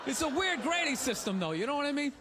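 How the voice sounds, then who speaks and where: A man doing a stand-up comedy set on stage, ranting loudly and mocking, on a handheld mic. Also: extremely high pitch, very animated, quick pace, long reverb tail, noisy background. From United States. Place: comedy stage before a live audience. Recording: live club recording with crowd laughter. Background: audience laughter.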